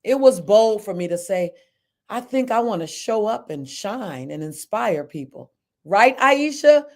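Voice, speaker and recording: A woman's voice: mid-range voice, measured pace. A middle-aged woman, a motivational speaker, telling a personal story and addressing listeners by name. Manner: animated, talks to listeners by name. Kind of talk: storytelling to a live audience.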